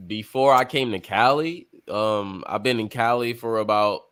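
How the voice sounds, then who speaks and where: This podcast host's casual talk show finds him explaining his opinions emphatically, rambling and swearing without restraint. He has a smooth, fairly low voice, a bit bright, at a moderate pace.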